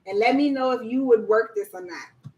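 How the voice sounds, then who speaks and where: A fairly high-pitched, slightly mellow woman's voice comes through at normal speed, with the highs cut off. She hosts a relaxed livestream on government contracting, chatting in slang, quizzing viewers and voicing their chat. She laughs often and speaks to the audience as y'all.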